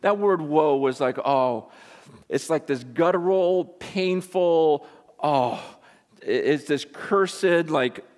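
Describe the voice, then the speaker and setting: A man preaching a sermon, emphatic, dropping from loud bursts to hushed, intense asides. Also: a little high, slow pace, long reverb tail.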